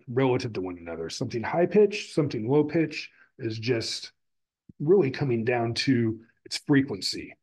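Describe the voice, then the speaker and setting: A man's voice: mid-range voice, darkish tone, slightly rough, poor audio. A man lecturing on the physics of sound, explaining step by step and restating terms as he goes. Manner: explanatory, repeats and rephrases terms. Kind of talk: recorded classroom lecture.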